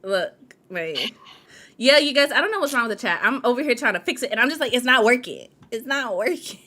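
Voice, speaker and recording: A woman host chatting casually on a livestream, talking straight to her viewers and laughing easily. Her voice sits fairly high, with a bright, forward tone and lively swings in pitch. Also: quick pace. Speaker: podcast host.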